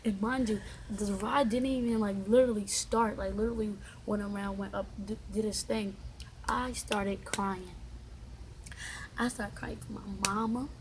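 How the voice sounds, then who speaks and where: A young woman vlogger telling a storytime in casual, slangy, animated chat. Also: medium pitch, moderate pace, background noise.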